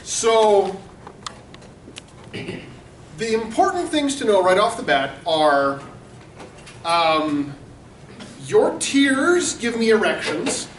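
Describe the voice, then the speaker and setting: A man's voice: sits high, very animated, drawn-out words, pauses often, slight background noise. A man running a convention's charity auction, telling crude, mocking stories to a live room. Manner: brash, mocking, storytelling with laughs. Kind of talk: crude comedic auction warm-up. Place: convention hall. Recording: echoey hall recorded from far off.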